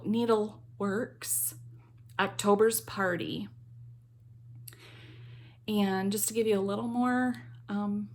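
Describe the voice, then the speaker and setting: A woman's voice: medium pitch, slight background noise. A middle-aged woman chatting casually to camera about her cross stitch hobby, rambling with many ums and asides.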